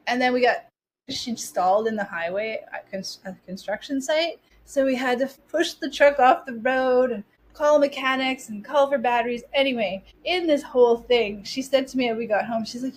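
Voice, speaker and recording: A woman's voice: on the high side, moderate pace, slight background noise. Chatty woman in her forties. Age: 40s. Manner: chatty, animated retelling with frequent "like" and restarts. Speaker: podcast guest. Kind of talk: casual interview storytelling.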